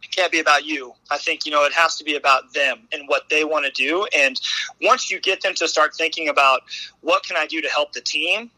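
A man's voice: on the high side, brisk, sharp tone, dry recording, rough recording. A man with a Midwestern American accent, a girls basketball coach talking in a casual podcast interview, earnest and full of restarts and "I think" fillers.

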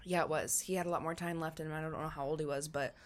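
A woman's voice: sits low, steady tone, quick pace. A young woman co-hosting a podcast, telling stories in a casual, giggly way and swearing freely. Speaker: podcast co-host. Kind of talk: casual chat.

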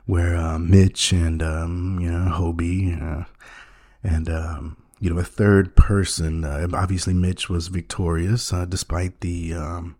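A man hosting a podcast in a rambling, mock-earnest monologue, halting often with ums and restarts. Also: sits low, level tone, a little mellow. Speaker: podcast host.

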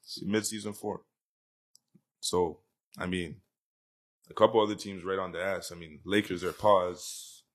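A man's voice: low-pitched, fairly even intonation, normal speed. A man co-hosting a casual sports and betting podcast, talking in a laid-back, slangy way and laughing often. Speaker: podcast co-host.

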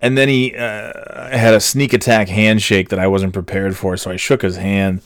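Man, podcast host, lowish voice, dry close sound, swearing, rambling and sardonic. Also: level tone, moderate pace, no echo. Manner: profane, sardonic, rambling with many fillers. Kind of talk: casual rambling monologue. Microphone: headphones on, podcast microphone.

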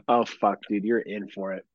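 A man co-hosting a podcast in casual chat, swearing freely and telling animated stories about his kids. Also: lowish voice, no echo, highs cut off. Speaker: podcast co-host.

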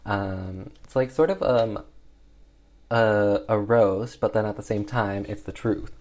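Slow, rambling young man recapping a film. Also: on the low side, a little mellow. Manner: rambling, heavy on "like" and "um" fillers. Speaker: film reviewer.

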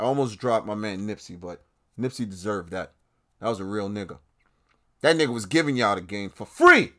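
Man, podcast host, angry rant, swearing, loud then quiet. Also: fairly low pitch. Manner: profane, heated, swings between shouting and muttering.

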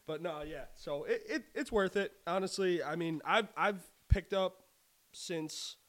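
A young man co-hosting a podcast, chatting casually about sports betting, swearing often and rambling with excitement. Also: sits high, unhurried. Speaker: podcast co-host.

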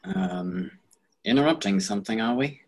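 A man's voice: lowish voice, lively intonation, normal speed, a little mellow, poor audio. A man playing a tabletop game, speaking in a dry, drawling way. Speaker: player.

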